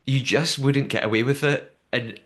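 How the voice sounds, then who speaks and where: A man's voice: medium pitch, steady tone, normal speed, fairly bright tone. A man co-hosting a podcast in casual chat. He reads listener messages aloud and often restarts his sentences. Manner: chatty, often restarts and repeats words. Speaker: podcast co-host.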